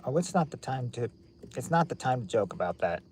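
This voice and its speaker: At night in his brightly lit home, a man from the United States chats casually with livestream viewers, rambling and restarting often. His medium-pitched voice is sing-song, brisk and a little mellow, with slight background noise.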